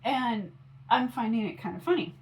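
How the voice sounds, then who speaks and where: A woman's voice: fairly high pitch, normal speed, slight background noise, low-quality recording. A woman in her forties chatting casually on her phone camera while doing her makeup, rambling with lots of fillers. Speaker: mom vlogger.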